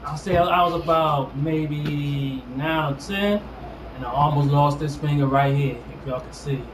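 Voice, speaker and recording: A laid-back man tells a story from his childhood in a casual chat, his voice sitting a little high. The room echoes around him. A clear hiss runs underneath. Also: measured pace. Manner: laid-back, backs the other speaker with frequent "right, right".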